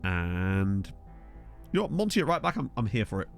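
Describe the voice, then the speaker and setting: Young man, streamer, rambling casual chat, lively pitch, faint music behind. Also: moderate pace, vocal fry. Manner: rambling, chatty, addresses viewers. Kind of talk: casual live-stream chat while playing. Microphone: desktop USB mic.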